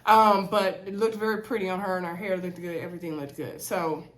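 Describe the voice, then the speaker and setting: A woman's voice: on the low side, steady tone, a little fast, fairly bright tone. A woman vlogger, recapping a reality show in an opinionated, chatty way with many fillers and asides. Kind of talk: casual recap chat.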